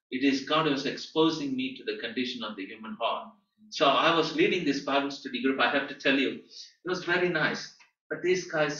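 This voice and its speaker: Man, guest teacher, animated storytelling, bright forceful voice, distant mic, echoey room, muffled sound. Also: medium pitch. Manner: animated storyteller, emphatic rises and soft drops. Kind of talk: storytelling lecture. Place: teaching room at a training school.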